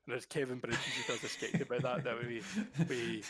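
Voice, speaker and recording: A man's voice: mid-range voice, level tone, fairly quick, a bit bright. A young man from Scotland with a mild Glasgow accent, chatting casually and jokingly as an interview guest. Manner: joking, rambling with fillers. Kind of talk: casual chat.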